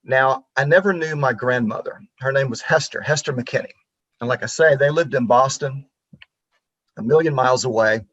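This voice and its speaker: A man's voice: mid-range voice, moderate pace, a bit bright, husky, no room sound, muffled recording. A man in his fifties from Pensacola, Florida, giving a local history talk over a video call in an earnest, reflective storytelling way. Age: 50s. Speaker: guest speaker on local history. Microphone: computer mic on a video call.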